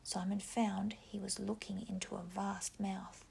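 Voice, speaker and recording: Woman narrating in a gravelly whisper. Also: medium pitch, flat delivery. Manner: hushed, measured storytelling. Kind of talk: whispered reading.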